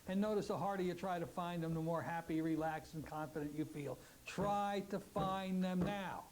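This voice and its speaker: A man teaching a hypnotherapy technique, giving slow, drawn-out suggestions and acting out the client's replies. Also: high voice, slight background noise. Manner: acts out client and part voices in quick exchanges. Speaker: hypnotherapy instructor. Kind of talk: teaching lecture with demonstrations.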